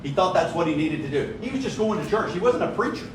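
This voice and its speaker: A man's voice: sits high, animated, fast, a little hiss or hum. Man teaching from far back in an echoey room. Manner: storytelling, frequent "right?" check-ins. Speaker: Bible study teacher. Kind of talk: conversational Bible study teaching. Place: church room.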